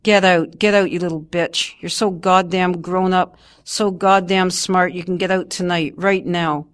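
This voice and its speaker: A woman voicing a bitter, harsh middle-aged mother who scolds stiffly and loudly. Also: on the low side, steady tone, normal speed, lightly acted. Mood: screaming.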